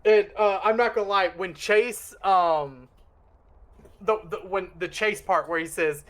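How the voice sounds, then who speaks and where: A woman streamer in casual chat about a game, excitable and swearing, acting out her own reactions. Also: mid-range voice, unhurried.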